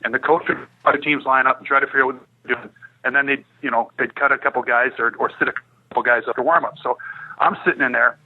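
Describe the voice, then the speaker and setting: A man's voice: mid-range voice, fast, husky, narrow, tinny audio. A man in his fifties, a former pro hockey player, telling stories on a podcast and acting out the dialogue. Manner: animated storyteller who acts out quoted dialogue. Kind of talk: casual podcast storytelling.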